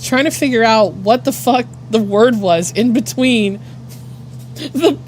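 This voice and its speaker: A woman's voice: a little high, takes it slowly, a little mellow, a little hiss or hum. A woman casually chatting on her art livestream, rambling with lots of fillers, swearing and laughing. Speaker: art streamer.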